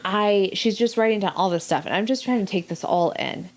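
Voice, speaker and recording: A middle-aged woman telling a personal story in casual chat, animated, acting out the voices of people she quotes. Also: mid-range voice, brisk. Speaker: guest.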